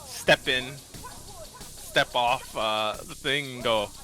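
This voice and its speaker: A man playing in a tabletop game, talking excitably. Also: medium pitch, extremely slow. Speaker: player. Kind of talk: casual tabletop play.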